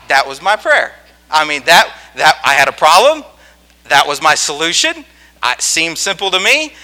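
A man delivers a sermon as a folksy personal story, his fairly high voice leaping up and down in pitch. His tone is sharp and bright, and he keeps pausing to check in with his listeners. The telling is animated and conversational. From rural farm upbringing. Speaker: preacher.

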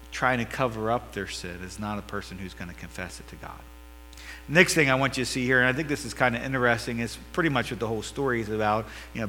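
Bright-voiced preacher in a reverberant church. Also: male voice. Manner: swings between loud emphatic preaching and quiet low asides; quotes King James scripture. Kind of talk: sermon. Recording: long reverb with mains hum.

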